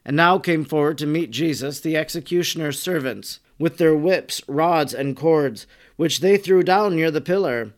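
A man narrating a religious text as an audiobook in a solemn, measured way. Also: on the high side.

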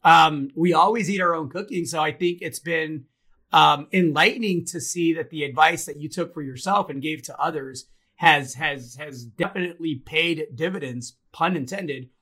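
A man in his forties co-hosting a podcast, talking in a lively, friendly way with quick asides. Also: a little high, breathy edge. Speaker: podcast co-host. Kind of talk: casual market chat.

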